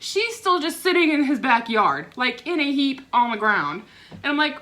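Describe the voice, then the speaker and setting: Young woman, casual storytime vlogger, rambling and chatty, fairly high bright voice. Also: sing-song, normal speed. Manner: chatty, rambling, quotes neighbors in raised voice. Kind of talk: casual storytime while eating.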